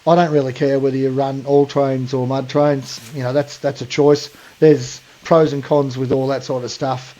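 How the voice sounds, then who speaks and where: A man's voice: mid-range voice, little pitch movement, moderate pace, hardly any pauses, warm tone, lo-fi sound. An Australian man co-hosting a podcast, talking bluntly in casual chat and calling people mate. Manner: blunt, ranting, says mate a lot. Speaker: podcast co-host.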